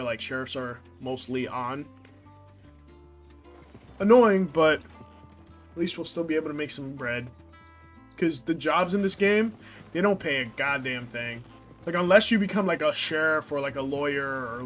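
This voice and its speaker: Casting: young male streamer, slightly high voice, loose profane rambling over faint game music. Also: a bit bright. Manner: rambling, profane, lots of "like" fillers. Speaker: gameplay streamer. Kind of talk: casual chat while playing.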